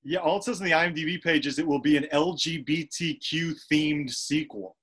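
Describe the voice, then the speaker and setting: A man chatting in a relaxed way about a movie on a podcast, explaining with fillers. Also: fairly high pitch, a little fast, slightly rough. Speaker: podcast co-host. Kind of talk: casual movie-review chat.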